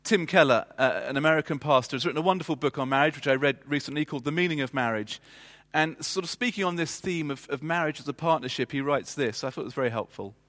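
A man delivering a sermon in a measured, emphatic way, often pausing with fillers. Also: a little high, a bit bright. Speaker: preacher. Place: church. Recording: church hall reverb.

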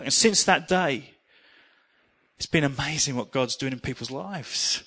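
Earnest preacher telling a testimony. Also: male voice, fairly high pitch, normal speed, husky. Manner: animated storytelling, earnest. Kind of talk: sermon with personal testimony.

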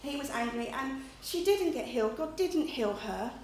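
Middle-aged woman, preacher, conversational and chatty, slightly high voice, roomy echo. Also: expressive, normal speed, a little mellow. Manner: chatty, checks in with listeners with "okay?" and "you know". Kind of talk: conversational sermon. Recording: echoey room, faint background noise.

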